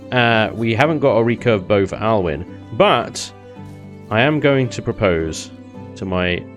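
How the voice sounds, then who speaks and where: A joking, chatty man talks through his video game. His voice sits fairly low. Faint music plays beneath his commentary. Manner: chatty, joking, laughs often. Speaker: gaming YouTuber.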